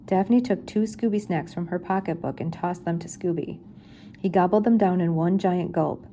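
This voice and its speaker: An older woman reading a children's chapter book aloud in a gentle, unhurried storytelling manner. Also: on the low side, a little hiss or hum. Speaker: reader.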